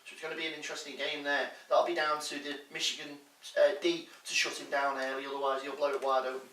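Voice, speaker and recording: A man with a bright, fairly high voice works through sports figures in a relaxed chat, hesitating now and then. He sounds off-mic in an echoey room. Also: fast talker, distant mic, a little hiss or hum. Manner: rattles off statistics with filler hesitations. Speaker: co-host giving sports stats. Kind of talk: casual comedy sports chat.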